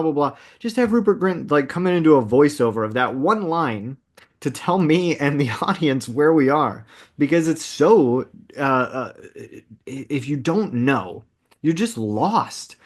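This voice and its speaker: A young man co-hosts a relaxed movie podcast, his voice sitting in an ordinary middle range. He talks with animated emphasis and often stumbles over the first words of a sentence before pressing on. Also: medium pitch, unhurried. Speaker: podcast co-host. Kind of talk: casual movie podcast chat.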